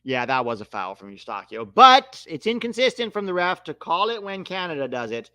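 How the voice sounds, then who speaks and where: A young man calling a match live for a watch-along, animated and quick to swear at the referee. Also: fairly high pitch, no room sound. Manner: animated, swears when riled, calls the play.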